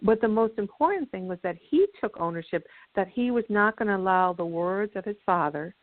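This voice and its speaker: A woman's voice: mid-range voice, animated, no echo. Woman on a tinny phone line. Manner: explanatory and storytelling, with measured pauses. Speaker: guest, energy healer and author. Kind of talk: radio call-in interview.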